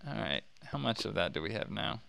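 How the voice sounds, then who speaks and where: A man hosting a gaming channel, talking to himself in casual, excitable commentary as he plays. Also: fairly low pitch, brisk, vocal fry, background noise. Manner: chatty, excitable, talks to himself while playing.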